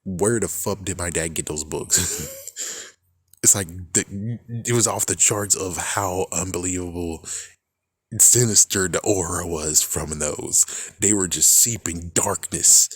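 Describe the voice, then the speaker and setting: A man's voice: deep voice, slow pace, slightly rough, dry recording, studio quality. A young man talking in a casual, rambling monologue, swearing a lot and laughing often. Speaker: vlogger.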